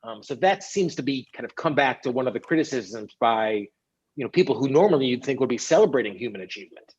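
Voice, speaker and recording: A man's voice: mid-range voice, animated, quick pace, slightly rough, highs cut off. A man co-hosting a casual online panel show, chatty and upbeat with many fillers. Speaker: co-host.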